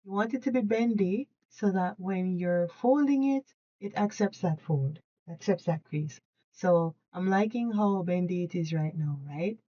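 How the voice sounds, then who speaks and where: Chatty, excitable woman crafting at home. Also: on the low side, a little slow, dull audio. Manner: chatty, excitable, laughs often, self-correcting. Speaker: craft tutorial host. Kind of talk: casual hands-on tutorial.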